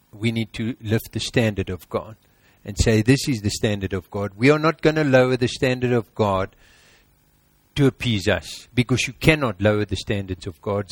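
A man's voice: fairly low pitch, dry recording. A man preaching a sermon, emphatic and exhorting, piling up lists.

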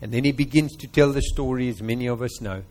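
A man's voice: medium pitch, fast, a little mellow, a little hiss or hum. A man with a South African accent preaching a sermon, quizzing his congregation and retelling a parable.

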